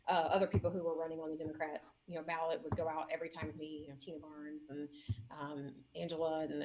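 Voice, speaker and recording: Woman mayor guest, low voice, emotional storyteller, casual interview. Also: darkish tone. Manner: emotional, acts out quotes in her story. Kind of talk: heartfelt campaign storytelling.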